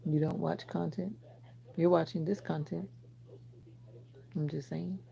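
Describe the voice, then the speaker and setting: A woman's voice: lowish voice, steady tone, measured pace, gravelly, dark tone, low-quality recording. A Jamaican woman from Jamaica hosting a casual livestream, chatting with viewers and teasing them as she answers their comments. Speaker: livestream host.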